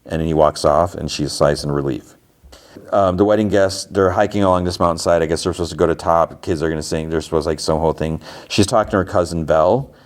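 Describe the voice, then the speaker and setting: Low-pitched and quick, a man hosts a podcast recapping TV episodes in a casual way. His talk wanders, and "like" shows up constantly as filler.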